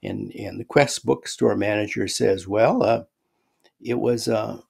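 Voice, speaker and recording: Gravelly older man telling a story. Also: lowish voice, unhurried. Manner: animated retelling, acts out quoted voices. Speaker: guest storyteller. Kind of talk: casual spoken storytelling.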